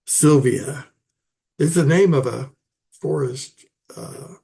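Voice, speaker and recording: Slow, gravelly man lecturing on poetry. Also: mid-range voice, dark tone. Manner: halting, many fillers and restarts, chuckles at his own asides. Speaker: literature teacher.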